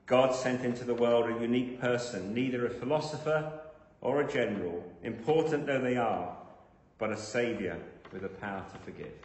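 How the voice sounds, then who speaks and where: A man delivers a sermon, swelling into emphatic, repeated phrases. His voice sits at an ordinary middle pitch for a man. It rings through a roomy church hall with a long reverb tail. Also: a little hiss or hum. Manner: builds to emphatic, rising repetition. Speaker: preacher.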